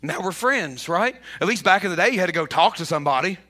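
Pastor guy preaching, high voice, super bright and punchy, gets loud and repeats stuff. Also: fast talker. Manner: animated, rising to near shouts, repeats himself. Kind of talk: sermon.

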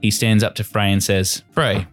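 A man's voice: lowish voice, little pitch movement, brisk, soft background music. A man as game master narrating a tabletop game in a casual, chatty way with lots of fillers.

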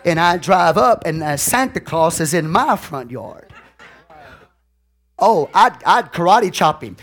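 A man preaches in a fairly high voice, telling folksy stories to his congregation. He swings between loud, excited bursts and quiet, confiding asides, and keeps asking the room if they follow him. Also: slow pace. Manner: animated storytelling with big swings in loudness and sudden outbursts; folksy and conversational, often checking in with the audience. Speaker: pastor.

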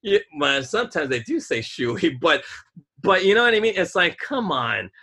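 A man with a bright, forceful voice pitched a little high, chatting on a casual podcast. He talks emphatically and rambles, stopping now and then to search for the right word. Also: very animated, normal speed. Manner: rambling and emphatic, stalls to hunt for words. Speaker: podcast co-host.

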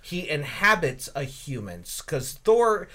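Guy hosting a chill talk show, kinda high voice that jumps all over, talks pretty animated. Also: slow. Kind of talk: casual discussion.

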